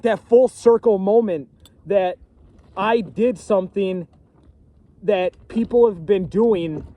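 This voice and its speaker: Halting outdoorsman, slightly high voice. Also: warm tone, dry recording. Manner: halting, full of fillers and restarts. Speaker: first-time trapper. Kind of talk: casual outdoor vlog talk. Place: outdoors on a frozen pond. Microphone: camera set on a pack basket a few feet away.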